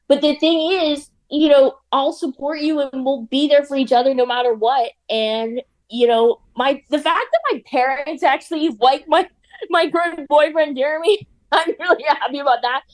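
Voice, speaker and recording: A young woman with a high voice, chatting casually as a guest on a talk show. She rambles with lots of "like" and laughs often as she talks. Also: normal speed. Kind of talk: casual chat.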